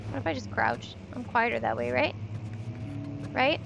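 A jumpy young woman with a high voice gives casual commentary as she plays a horror game. She swears often and talks back to the screen, with clear noise running under the recording. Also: moderate pace, a bit bright. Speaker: gamer. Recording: noisy recording.

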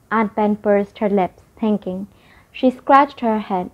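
A woman narrating a children's storybook aloud in a gentle, measured way. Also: medium pitch, dull audio. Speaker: audiobook narrator.

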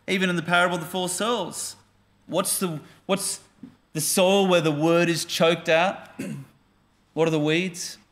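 Male pastor, earnest sermon delivery, bright tone. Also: sits high, fairly even intonation, unhurried. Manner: earnest, asks the congregation questions.

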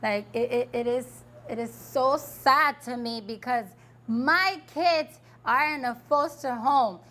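High-voiced upset woman, talk show guest. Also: slow, fairly bright tone. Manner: upset, emphatic, repeating herself. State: distressed. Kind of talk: after-show interview.

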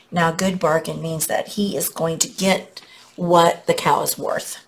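Breathy woman reading a fairy tale. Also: low voice, steady tone, a little slow. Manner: gentle, explaining, with frequent fillers. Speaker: teacher reading to children. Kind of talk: read-aloud storytelling lesson.

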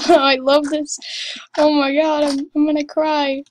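A woman giving excited commentary over her gameplay, gushing and exclaiming breathlessly. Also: sits high, takes it slowly, slight background noise. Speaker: gamer.

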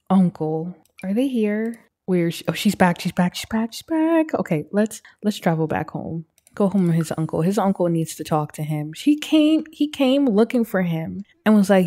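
A woman's voice: medium pitch, expressive, mellow. Chatty young woman narrating gameplay. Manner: chatty, voices characters in quick asides. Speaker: let's play gamer. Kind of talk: casual gameplay commentary.

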